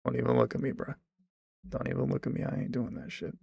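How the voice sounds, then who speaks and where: A man voicing his volleyball companion as a lazy, indifferent male friend who mumbles low and dismissively. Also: quick pace, creaky, darkish tone, breathy edge, dry recording.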